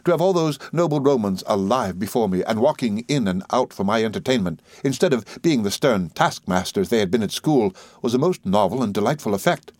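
A man narrating a classic novel in the first person, with a measured, expressive literary reading style. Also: on the low side, no room sound. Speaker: audiobook narrator.

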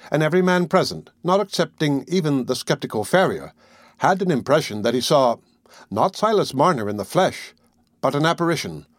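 A man reading a classic novel aloud as an audiobook narrator, measured and deliberate. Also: a little high, no echo, clean studio sound.

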